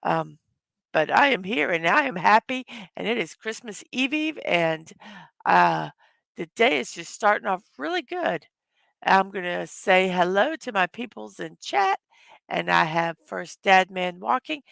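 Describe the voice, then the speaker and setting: A tired, hoarse woman hosting a casual morning livestream, greeting her chat viewers one by one. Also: mid-range voice, very animated, unhurried, a bit bright, no room sound. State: tired from little sleep. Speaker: livestream host.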